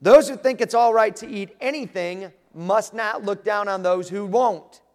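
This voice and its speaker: A man preaching a sermon as pastor, animated, acting out the voices he quotes. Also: high-pitched, a little slow. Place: church sanctuary. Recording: long reverb of a large room.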